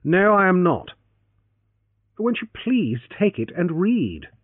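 A man's voice: high-pitched, very animated, slow pace, husky, dry recording, pitched above the performer's own voice, heavily acted. Casting: man playing a playful, cocky young hero, raised voice, storybook reading, phone-like audio. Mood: earnest. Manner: teasing, playful. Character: teasing confident young man, grave when serious. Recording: tinny phone-like, dry.

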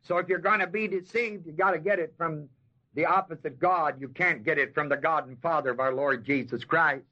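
A man with a slightly high, sharp-toned voice gives an expository sermon on a Bible passage, captured on a dull lo-fi sermon tape. He's folksy and emphatic, drawing out key words and quizzing his listeners.

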